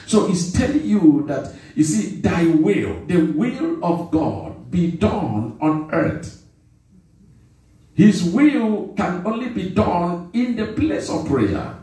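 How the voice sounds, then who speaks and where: A male pastor preaches with a high, swooping voice, hammering his points home through repetition and calling on the congregation to answer back. He sounds distant from the microphone, and his words ring through a big echoing church hall. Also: big pitch swings, slow pace, warm tone. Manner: emphatic call-and-response preaching; repeats phrases for emphasis. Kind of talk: sermon. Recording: echoey hall from far off.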